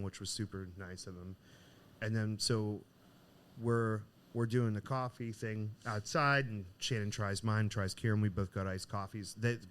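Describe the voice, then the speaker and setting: Man, middle-aged, low voice, lively storyteller in casual podcast chat. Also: slight background noise. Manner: animated, acts out the voices in his story. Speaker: podcast co-host. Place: cigar shop.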